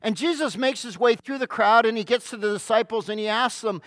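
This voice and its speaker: High-pitched guy preaching, earnest storytelling, lots of pauses, dry close sound. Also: a bit bright, no room sound. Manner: vivid storytelling with dramatic pauses; earnest, rhetorical questions to the listeners. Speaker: pastor. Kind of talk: sermon.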